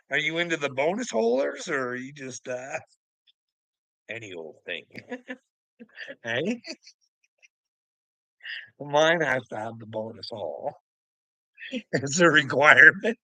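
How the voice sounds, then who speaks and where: A man's voice: medium pitch, big pitch swings, slow, pauses often, sharp tone, dry recording, rough recording. A man hosting a casual livestream, crude and profane, laughing often as he teases the people in his chat. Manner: crude, profane, laughs a lot between remarks; teasing, talks back to viewers' comments. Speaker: livestream host.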